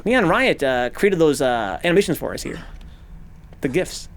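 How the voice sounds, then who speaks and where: A man streaming a video game, talking casually with animated, profane, rambling rants. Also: fairly high pitch, moderate pace. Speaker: gaming streamer. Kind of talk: casual let's-play commentary.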